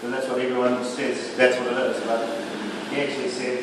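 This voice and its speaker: With a medium-pitched, level voice at a moderate pace and long pauses, a man gives a rambling, casual talk about the artworks he's exhibiting in a gallery, full of "sort of" and "like". The echoey indoor space was recorded from afar, with background noise.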